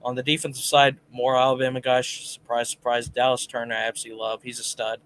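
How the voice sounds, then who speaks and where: A man's voice: medium pitch, little pitch movement, fast, fairly bright tone, slight background noise. A man co-hosting a casual live sports talk show, reading viewer comments and giving his picks in a chatty way. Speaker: podcast co-host.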